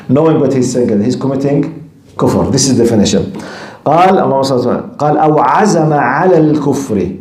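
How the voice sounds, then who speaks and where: A man's voice: mid-range voice, expressive, a little fast, pauses often, darkish tone, roomy sound. Emphatic man giving a religious lecture. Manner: switches between quoted Arabic and English explanation, emphatic and repetitive. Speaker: Islamic teacher.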